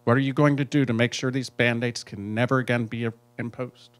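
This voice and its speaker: A restaurant owner from the United States reading a firm, indignant statement and question at a town hall. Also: male voice, mid-range voice, fairly even intonation, fairly quick, clear, resonant tone.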